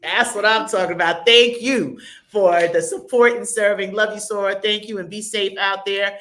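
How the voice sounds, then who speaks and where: Upbeat woman host, bright tone, chatty shout-outs from viewer comments. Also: mid-range voice, fairly even intonation. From American South. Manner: upbeat, chatty, reads viewer comments aloud with quick asides. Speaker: livestream host. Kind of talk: lively livestream shout-outs.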